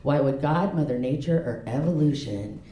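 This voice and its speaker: Speaking at a normal speed in a low, animated voice, a woman in her forties does stand-up at a comedy club. She talks frankly and laughs at her own jokes. Audience laughter from the loud crowd echoes around the club.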